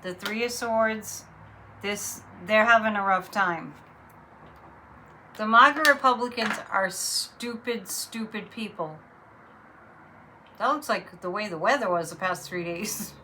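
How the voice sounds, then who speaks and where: A woman's voice: medium pitch, takes it slowly, long pauses, noisy background. A woman reading tarot cards in a casual, blunt, chatty monologue. Her voice rises sharply when she is incredulous. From Massachusetts. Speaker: psychic reader.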